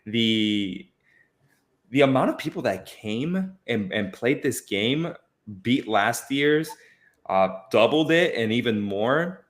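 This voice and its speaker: A man hosting a casual film podcast, animated and repeating phrases for emphasis. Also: mid-range voice, slow. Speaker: podcast host. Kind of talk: casual chat.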